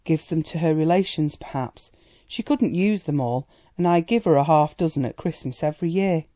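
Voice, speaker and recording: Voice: medium pitch, normal speed, mellow, no room sound, lightly acted. A reader voicing a worldly society woman who talks in a chatty, amused and indulgent way, in an audiobook. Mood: gushing.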